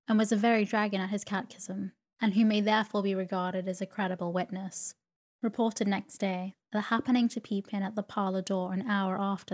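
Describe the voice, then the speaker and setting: A woman narrating a classic novel as a sleep story, in a slow, even and soothing manner. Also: mid-range voice. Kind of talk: calm sleep story reading.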